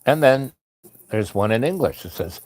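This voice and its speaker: A man's voice: mid-range voice, lively intonation, normal speed, a little mellow, dry recording. Rambling man telling a story. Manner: rambling, chatty, full of asides. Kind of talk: casual spoken anecdote.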